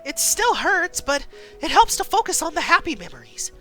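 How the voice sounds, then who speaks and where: A woman voicing an earnest young woman reporter in a story game, pleading and upbeat, pitched high. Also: sing-song, normal speed, pushed and bright, faint music behind, exaggerated voice.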